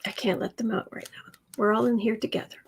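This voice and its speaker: A woman hosting a casual tarot livestream from home, rambling and breaking off to calm her pets. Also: fairly high pitch, fast talker, gravelly, slight background noise, poor audio. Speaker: tarot reader and livestream host.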